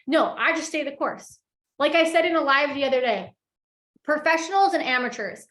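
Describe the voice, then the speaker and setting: A woman's voice: high-pitched, expressive, moderate pace, fairly bright tone, echoey room. A young woman giving a fired-up, casual motivational talk to her sales team, full of fillers like "like" and "you guys". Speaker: network marketing team leader.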